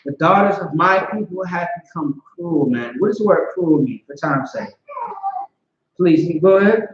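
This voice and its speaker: A man's voice: fairly high pitch, expressive, moderate pace. Casual man teaching a scripture class. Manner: casual, conversational, peppered with "you know what I'm saying". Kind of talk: informal scripture class lecture. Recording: roomy, dull lo-fi.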